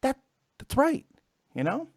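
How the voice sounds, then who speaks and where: A man hosting a casual podcast, ranting with lots of swearing in an animated way. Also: very high voice, measured pace, dry recording, studio quality. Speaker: podcast host. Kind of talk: casual chat.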